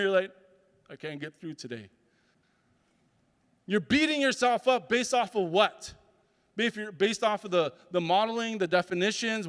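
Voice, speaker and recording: A man's voice: sits high, a bit bright, clean tone. A man, a speaker and comedian, telling a personal story at a summit and acting out the dialogue with animation. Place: large conference hall. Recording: long hall reverb.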